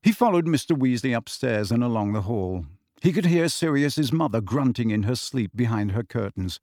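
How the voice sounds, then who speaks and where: Brief: male storyteller, animated delivery, dry close sound. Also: medium pitch, moderate pace, dry recording. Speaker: audiobook narrator. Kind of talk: audiobook narration.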